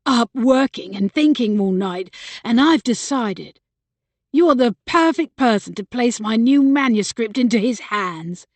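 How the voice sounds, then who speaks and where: A woman narrating an audiobook voices a bitter, agitated young man, a troubled brother full of resentment. Animated but unhurried, she has him press his point insistently and loudly, pitched a little high. The recording is dry and close, with no room sound.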